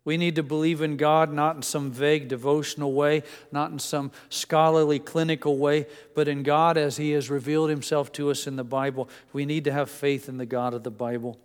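A man's voice: on the high side, level tone, brisk, few pauses, clean tone. Older man preaching in an echoey hall. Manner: earnest, conversational, with small restarts. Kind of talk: sermon.

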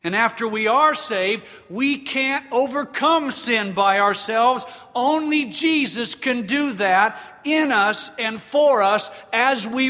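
A pastor preaching a sermon in a church sanctuary, earnest and emphatic, then leading a prayer. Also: male voice, very high voice, sharp tone. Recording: long reverb of a large hall.

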